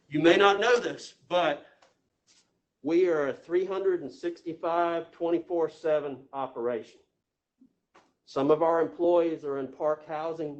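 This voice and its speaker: A man giving a jokey, folksy orientation presentation to a room of new staff, checking in with the audience as he goes. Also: a little high. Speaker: state parks presenter. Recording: echoey room, voice from far off.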